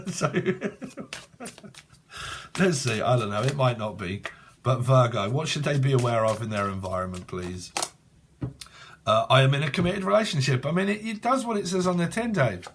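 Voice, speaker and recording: A man's voice: mid-range voice, very animated, measured pace, pauses often. A man in his forties gives a casual tarot reading to camera. He is blunt and profane and laughs often, and there is faint noise behind him. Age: 40s. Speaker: tarot reader.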